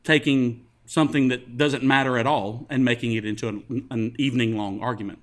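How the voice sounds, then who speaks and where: A man's voice: medium pitch, fairly even intonation, fairly quick. A man co-hosting a podcast in casual chat, laughing often and joking at his own expense. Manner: laughs often, self-deprecating. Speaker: podcast co-host.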